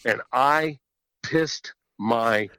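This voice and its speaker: A man telling a hunting story in a casual podcast chat, animated and swearing freely, often laughing. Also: medium pitch, extremely slow, clear, resonant tone, no room sound, low-quality recording. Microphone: podcast microphone.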